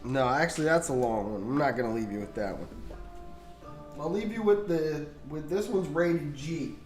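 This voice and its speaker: A man's voice: fairly high pitch, normal speed. A man hosting a livestream, casually telling jokes and giggling through them, in a roomy space with faint music behind. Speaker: livestream host.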